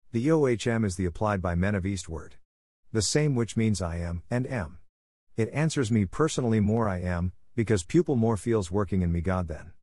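Low-voiced man reading spiritual teachings. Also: a little mellow, no room sound, clean studio sound. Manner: stilted, awkward phrasing read steadily. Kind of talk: read-aloud spiritual discourse.

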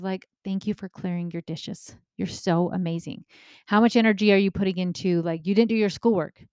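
A woman in her thirties giving casual parenting advice, lively and acting out the remarks she quotes. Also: fairly low pitch, no echo, clean studio sound. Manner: animated, acts out quoted remarks, often asks "right?".

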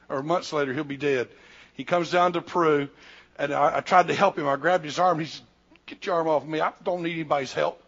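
A man, preaching a sermon in a folksy storytelling way and acting out dialogue, in a church. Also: a little high. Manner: folksy, acts out dialogue in quotes. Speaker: pastor and missionary. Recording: dull lo-fi church recording.

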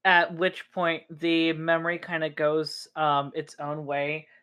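A woman narrating a tabletop role-playing session as game master, calm and measured. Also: low-pitched, smooth.

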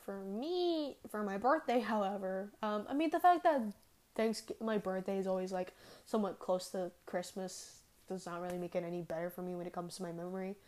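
A woman's voice: medium pitch, fairly quick, a little mellow. A teenage girl hosting her own podcast, chatting casually and rambling with many fillers. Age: teens. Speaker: podcast host. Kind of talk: casual solo podcast chat.

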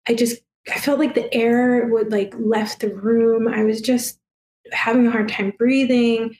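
A woman guest telling a personal story in a soft, emotional way, halting and full of fillers and restarts. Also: on the high side, level tone, echoey room, slight background noise. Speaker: guest, past life regression therapist.

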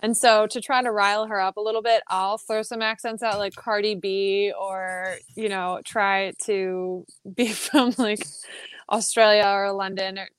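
A woman's voice: medium pitch, fairly even intonation, a little slow, clean tone, no room sound. A woman guest on a casual podcast chat, self-deprecating and giggly. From United States.

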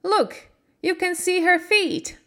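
Kindly little old good witch in a storybook, a woman reading her, slow and gentle. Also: extremely high pitch, expressive, voice pushed up, exaggerated voice. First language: Slovak.

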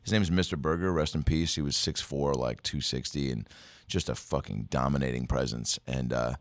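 A young man with a very deep voice tells rambling, profane school stories in loose, casual chat. The sound is dry and close. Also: brisk, dry recording. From Seattle area, USA. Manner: rambling, profane, puts on voices of old teachers.

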